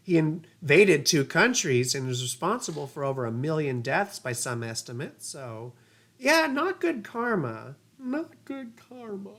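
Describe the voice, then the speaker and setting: A woman astrologer giving casual livestream chart readings, rambling and chatty with laughing asides and casual swearing. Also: low voice.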